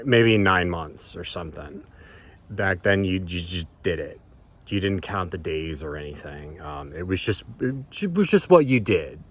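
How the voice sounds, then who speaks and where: A vlogger with a low, slightly bright voice tells a personal story casually. He rambles, swears freely, and keeps restarting sentences with plenty of ums.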